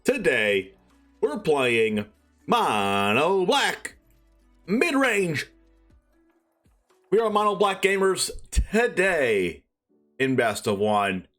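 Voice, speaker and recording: A man streaming a card game, giving excited gameplay commentary with shouted reactions. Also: a little high, drawn-out words, long pauses, faint music behind.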